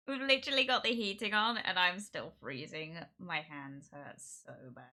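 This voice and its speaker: A woman streamer chats at an unhurried, drawn-out pace, rambling between thoughts and breaking into giggles. Her voice is bright and forward, with a sharp edge to it, and she is talking from indoors at home. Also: medium pitch. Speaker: livestreamer. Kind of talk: casual stream chat.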